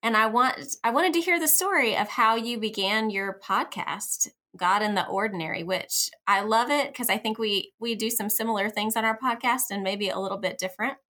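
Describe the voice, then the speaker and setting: A woman's voice: on the high side, moderate pace, few pauses. A woman hosting a faith podcast, asking questions with enthusiasm and easy laughter. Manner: warm, enthusiastic, laughs easily. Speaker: podcast host. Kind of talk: conversational interview.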